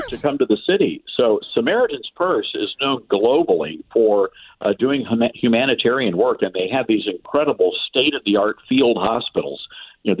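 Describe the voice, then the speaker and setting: Animated man on a tinny phone line. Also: fairly low pitch, husky. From US South. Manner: animated sarcastic storytelling. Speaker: radio commentator guest. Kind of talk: talk radio phone interview.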